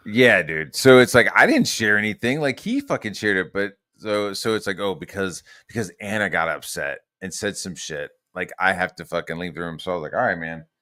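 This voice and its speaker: A man's voice: low voice, animated, fairly quick, hardly any pauses, sharp tone, no echo, clean studio sound. A man hosting a podcast, telling a heated, rambling story full of profanity and fillers. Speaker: podcast host. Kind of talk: casual storytelling rant.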